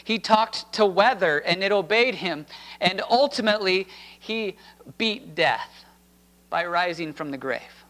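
High-voiced man preaching slowly. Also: expressive, a bit bright, rough recording. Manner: slow, deliberate preaching cadence. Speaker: pastor. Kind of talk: sermon with scripture reading.

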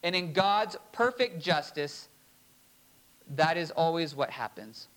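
A pastor preaching a sermon, reading scripture slowly and emphatically, with short laughs between points. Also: male voice, a little high, sing-song, a bit bright, rough recording.

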